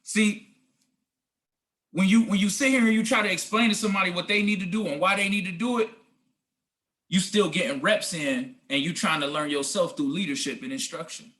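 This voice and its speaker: A man's voice: high voice, a little fast, fairly bright tone. A man giving a motivational talk on a group call as a team leader, emphatic and preachy, talking slangy and calling listeners guys and family.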